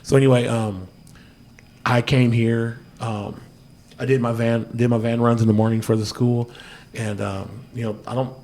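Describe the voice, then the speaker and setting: A man hosting a podcast, telling a story in a loose, profane, animated way and dropping "yo" constantly. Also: mid-range voice, moderate pace. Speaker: podcast host. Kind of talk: casual storytelling chat.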